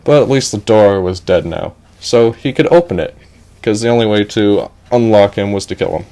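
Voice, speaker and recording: A young man telling an improvised comic story in a rambling, deadpan way. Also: on the low side, moderate pace.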